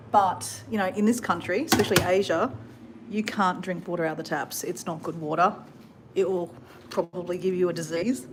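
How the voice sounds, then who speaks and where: In a hotel room, a woman from Australia who makes travel vlogs rambles casually to camera and addresses viewers as "guys." She speaks at a fairly low pitch over slight background noise.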